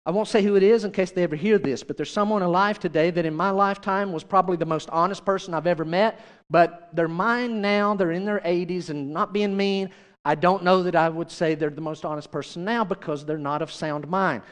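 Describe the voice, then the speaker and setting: A man's voice: high voice, brisk, smooth, long reverb tail. A male pastor preaching a sermon, chatty and direct, often turning to the congregation with questions.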